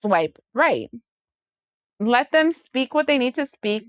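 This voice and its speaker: A woman giving a casual tarot reading, sassy and chatty, acting out other people's voices with big jumps in pitch. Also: sing-song, slow pace, no echo. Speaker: tarot reader.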